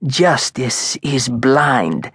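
Menacing Italian-accented hitman, quiet, measured, voiced by a man, dry close sound. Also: mid-range voice, no room sound, voice pushed up.

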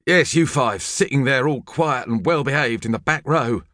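A man's voice: mid-range voice, animated, normal speed, a bit bright, no echo, clean studio sound, pitched above the performer's own voice, lightly acted. A man voicing a nervous, panicky male schoolteacher who stammers when flustered. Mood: alarmed.

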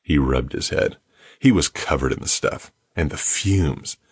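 A man reading an audiobook as narrator in a steady, even storytelling manner. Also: very deep voice, a little slow, vocal fry, slightly rough, no room sound, clean studio sound. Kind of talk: scripted narration.

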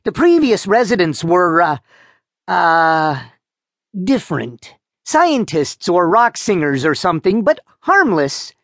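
A man voicing a bustling, chatty woman realtor who gives breezy, hurried reassurances. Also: fairly low pitch, big pitch swings, dry recording, studio quality, heavily acted. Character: bustling chatty female realtor, middle-aged.

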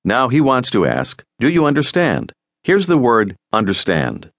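A man narrating a recorded language course, giving calm, scripted prompts for the listener to listen, repeat and answer, in a studio. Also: medium pitch, measured pace, no echo. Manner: calm, directive teaching prompts.

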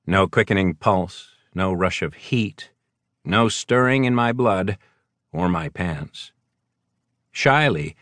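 A man reading a first-person novel as an audiobook narrator, measured and wry. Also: low-pitched, fairly bright tone, no room sound.

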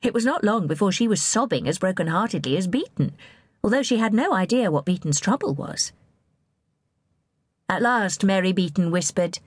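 A woman narrating a historical novel in an expressive storytelling manner, recorded close in a studio. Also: fairly low pitch, normal speed, long pauses, slightly rough, no room sound. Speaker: audiobook narrator. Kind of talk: scripted narration.

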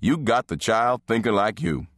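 A man voicing a gruff, bantering husband and father in an audiobook, grumbling in a dry way. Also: mid-range voice, animated, normal speed, a bit bright, no echo, voice pushed up, close to an everyday voice.

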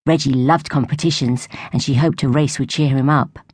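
A woman narrating a storybook for young children in a gentle, even way. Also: extremely low pitch, moderate pace, husky, dry recording. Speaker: audiobook narrator.

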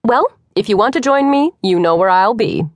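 A confident young woman construction boss, as a woman narrator acts her out, brisk and teasing, her voice lifting higher and brighter than the narration. She talks with quick, bossy warmth in a dry, close audiobook recording. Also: animated, no room sound, close to an everyday voice.

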